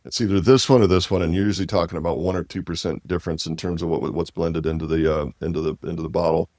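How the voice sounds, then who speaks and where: A man's voice: deep voice, fairly even intonation, very fast, darkish tone, dry recording, studio quality. A man from Washington, in his fifties, talking casually as an interview guest, rambling with many fillers and restarts. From Walla Walla Valley, Washington. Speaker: winery owner and interview guest.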